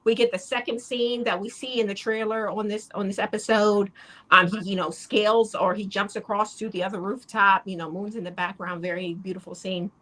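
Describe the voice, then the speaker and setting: A woman co-hosting a casual show recap, retelling scenes in an animated way and acting out the characters' lines. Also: mid-range voice, a little fast, low-quality recording. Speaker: podcast co-host.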